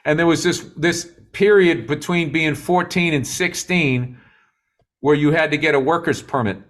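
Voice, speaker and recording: A middle-aged man in casual podcast chat, blunt and profane, with a joking edge. His voice sits a little high for a man. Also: fairly even intonation, normal speed, a bit bright. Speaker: podcast co-host.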